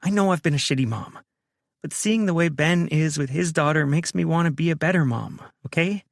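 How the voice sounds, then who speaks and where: A defensive, frustrated ex-wife who presses her case insistently, her voice pitched well above a man's, as a male narrator puts her on. The sound is close and dry, with no room around it. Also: fairly quick, creaky, dry recording. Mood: pleading. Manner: insistent, pleading.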